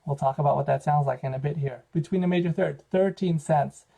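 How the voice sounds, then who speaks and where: Gravelly, husky-voiced man lecturing on tuning. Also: fairly high pitch, fairly quick, mellow, low-quality recording. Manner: explanatory, counts out intervals, frequent fillers. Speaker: choral director giving a lecture. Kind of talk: music theory lecture.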